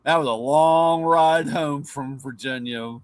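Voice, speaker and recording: A man's voice: on the high side, takes it slowly, no room sound. A middle-aged man, host of a live car talk show, casually telling rambling stories about old cars and his dad, swearing and mimicking voices. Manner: rambling anecdotes, swears, acts out his dad's lines.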